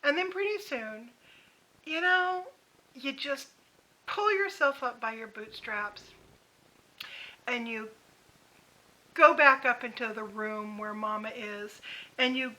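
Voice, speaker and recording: A woman's voice: fairly high pitch, slow pace, pauses often, bright, forceful tone, low-quality recording. A woman in her fifties telling a candid vlog story about caring for her mother, frank, swearing freely and laughing as she rants.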